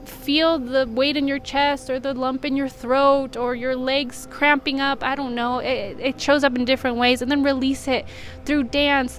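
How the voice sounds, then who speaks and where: A woman who does intuitive readings and healings, talking candidly and emotionally in a personal vlog. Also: fairly high pitch. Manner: earnest, confessional, emotional. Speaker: intuitive healer and reader. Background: faint music from a neighbor.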